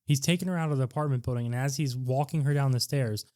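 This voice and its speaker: A man's voice: medium pitch, fast talker, no room sound. A man talking through a film plot on a podcast, rambling and looping back on himself. He mimics characters with abrupt bursts of volume. His voice sits mid-range and is recorded close and dry. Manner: rambling, acts out quotes with sudden loud jumps. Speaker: podcast co-host. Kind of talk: casual movie recap chat.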